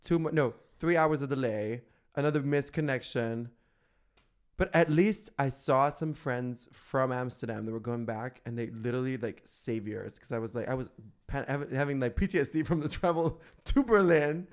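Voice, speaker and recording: A man co-hosting a podcast, telling stories in a campy, animated, casual way and laughing often. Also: mid-range voice, normal speed, clear, resonant tone. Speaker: podcast co-host. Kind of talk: casual chat.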